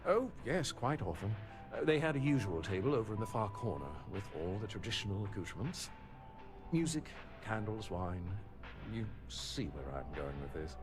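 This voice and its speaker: A man's voice: on the low side, very animated, normal speed, over music. An actor playing a polite, formal male restaurant staffer in a video game, speaking with courteous, precise wording. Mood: recounting.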